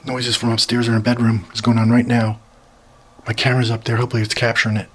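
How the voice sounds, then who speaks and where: A man filming alone inside a house for a paranormal video diary, nervously calling out to spirits and often dropping to a hushed whisper. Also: medium pitch, level tone, quick pace, breathy edge, rough recording. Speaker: paranormal vlogger. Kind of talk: solo ghost-hunting video diary.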